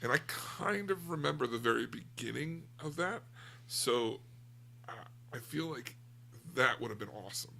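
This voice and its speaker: Gravelly, bright-voiced American guy, candid and rambling, casual podcast co-host. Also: mid-range voice, animated, moderate pace. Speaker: book club podcast co-host. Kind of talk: casual chat.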